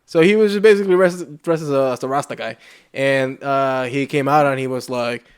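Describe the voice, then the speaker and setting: A man's voice: medium pitch, brisk, clear, resonant tone. A man co-hosting a casual podcast chat, rambling with many likes and restarts. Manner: rambling, heavy use of "like", frequent restarts. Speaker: podcast co-host.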